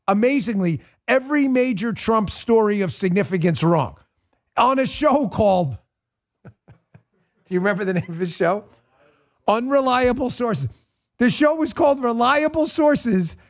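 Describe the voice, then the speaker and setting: A middle-aged man hosting a political talk show, ranting in a mocking, animated way and slipping into sarcastic impressions. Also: high-pitched. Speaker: show host.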